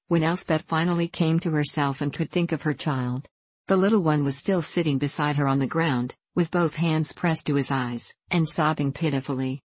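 A woman narrating an audiobook story in a calm, measured way. Her voice sits very low for a woman, and the recording is dry and close with no room around it. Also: husky, no echo.

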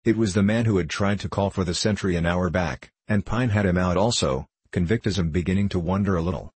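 A man narrating a novel aloud in a steady storytelling manner, slipping into rough voices for the characters. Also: deep voice, a little fast, no echo.

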